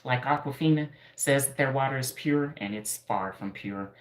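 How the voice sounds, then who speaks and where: A hairstylist from Denver chatting playfully on a live stream, laughing often and answering viewers' comments. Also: female voice, extremely low pitch, moderate pace. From Denver, Colorado. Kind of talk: casual live-stream chat. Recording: echoey room.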